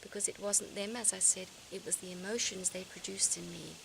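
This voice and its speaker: A woman talks through her feelings in an earnest, searching way, often pausing and restarting as she reflects aloud. Her voice sits at an ordinary middle pitch. Clear outdoor noise is heard behind her, as if she is recording outside. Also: steady tone. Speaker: vlogger. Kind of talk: reflective personal talk to camera.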